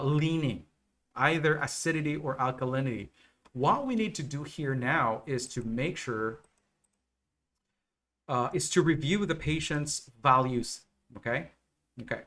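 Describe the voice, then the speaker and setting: A man teaching nursing exam material on a live stream, explaining slowly and checking in with viewers often. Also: medium pitch, a bit bright. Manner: slow, repetitive explaining with frequent okay and right checks.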